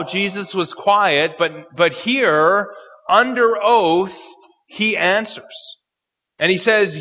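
A man preaches through a passage of scripture, stopping to read verses slowly and then explain them. His voice sits high and sounds bright. The sound rings with a long reverb, as in a large hall. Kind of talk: expository sermon.

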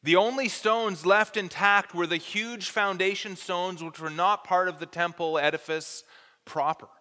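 Man, preacher, expository sermon, earnest emphasis, smooth clear voice, reverberant hall. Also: sits high, measured pace, pushed and bright. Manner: earnest, explanatory teaching with careful emphasis.

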